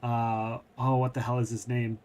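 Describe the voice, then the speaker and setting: A man's voice: medium pitch, level tone, moderate pace, a little mellow, clear, resonant tone. A middle-aged man hosting a gaming stream, chatting casually in a rambling, hesitant way with many fillers. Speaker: streamer host.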